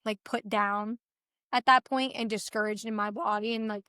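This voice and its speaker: A young woman guest telling her story in a casual chat, animated and full of fillers, acting out what others said. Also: medium pitch, normal speed, clean tone, no echo, studio quality. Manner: animated retelling, acts out others' dialogue; filler-heavy, restarts often. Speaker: podcast guest.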